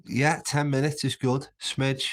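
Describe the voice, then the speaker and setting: In an unhurried, medium-pitched voice that barely moves in pitch, a man rambles casually on his home livestream. He's from Birkenhead and has a Scouse-like Merseyside accent, chatty and prone to drifting off topic.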